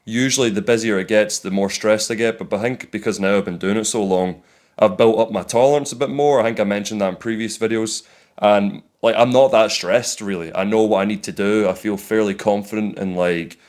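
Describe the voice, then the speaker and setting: A young man with a Scottish accent tells stories from his working week straight to camera in a loose, chatty vlog style. His voice sits on the low side. He swears casually and gets animated when he replays an argument. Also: fairly quick. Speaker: vlogger, landscaping business owner.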